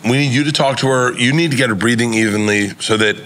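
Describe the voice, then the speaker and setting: A middle-aged comedian tells a long story on a podcast, swearing freely and tumbling over his own words. His voice is bright and forceful, and his pitch sits at an ordinary middle height for a man. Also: quick pace. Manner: profane, excitable, rambling with restarts. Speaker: comedian guest.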